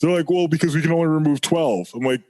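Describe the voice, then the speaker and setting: A man's voice: on the high side, fast talker, mellow. Ranting New man, podcast co-host. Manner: heated ranting, swearing freely. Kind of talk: casual podcast chat.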